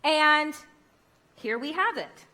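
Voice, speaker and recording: A woman's voice: high voice, lively intonation, slow, pushed and bright. A woman giving a conference keynote speech, emphatic and rhetorical, with wry humor. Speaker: keynote speaker.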